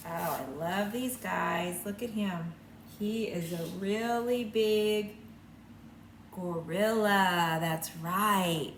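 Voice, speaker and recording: An older woman teacher reading a picture book aloud to young children and showing the signs, in a slow, sing-song storytime voice. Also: mid-range voice, a little hiss or hum. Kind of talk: read-aloud lesson with sign language for children. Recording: echoey room, mic at a distance, faint ambience.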